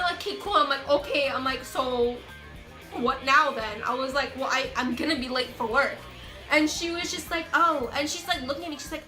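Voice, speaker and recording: Bright high-voiced young woman. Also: reverberant. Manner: animated, excitable, self-mocking storytelling. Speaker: vlogger. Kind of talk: casual storytime vlog.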